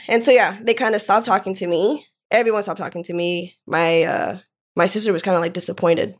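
A woman's voice: medium pitch, fairly even intonation, quick pace. A young woman from Southern California, candidly telling a personal story in a casual chat, often laughing. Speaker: guest.

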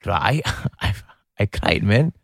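A man's voice: on the low side, big pitch swings, takes it slowly, gravelly, no echo, clean studio sound. A man in his thirties with a Singaporean English accent, reflective and heartfelt in casual chat on a podcast. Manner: reflective, speaks with feeling. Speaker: podcast co-host.

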